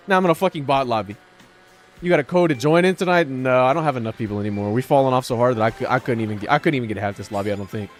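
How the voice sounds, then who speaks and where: A man's voice: medium pitch, racing, soft background music. A man streaming live while gaming, talking to his chat in a profane, sarcastic, rambling way.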